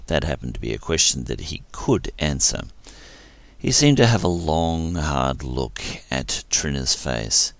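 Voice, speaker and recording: A man narrating a science-fiction story aloud in a steady, plain reading voice. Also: extremely low pitch, a little slow, creaky, no echo.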